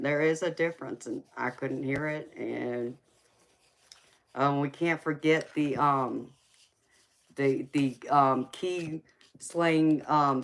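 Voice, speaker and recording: Low-pitched southern lady chatting on her live stream, lots of laughing. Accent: Southern US (Georgia). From California. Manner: chatty, warm with viewers, laughs often. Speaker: tarot reader hosting a live stream. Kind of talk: casual live-stream chat. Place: home, late at night.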